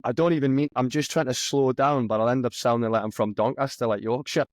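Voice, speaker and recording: A man's voice: mid-range voice, fast talker, dry recording. A young man with a Geordie accent, a podcast guest chatting casually with banter and heavy local slang. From northeast England. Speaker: podcast guest, soccer captain. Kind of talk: casual chat.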